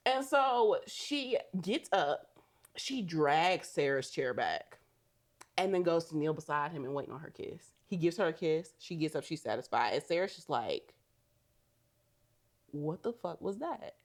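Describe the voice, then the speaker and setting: A woman's voice: low-pitched, animated, normal speed. A woman co-hosting a podcast, animatedly recapping a movie in casual chat, swearing and laughing often. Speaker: podcast co-host.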